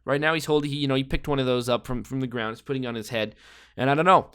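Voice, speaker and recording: A man's voice: medium pitch, racing, fairly bright tone, clean tone, dry recording, studio quality. A man giving casual, rambling commentary while playing a guessing game, joking and thinking aloud. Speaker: gameplay commentator.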